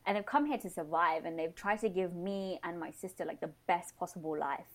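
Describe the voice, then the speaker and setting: Chatty woman, lively and laughing. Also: fairly low pitch. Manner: chatty, animated, quick to laugh. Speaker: podcast guest, blog founder. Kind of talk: casual podcast chat.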